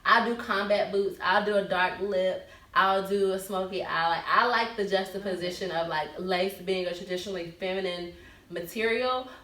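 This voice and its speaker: Bright woman giving chatty fashion tips. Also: mid-range voice, steady tone, normal speed. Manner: chatty, upbeat advice-giving. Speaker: talk show co-host. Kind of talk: casual fashion-segment chat. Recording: roomy, mic at a distance.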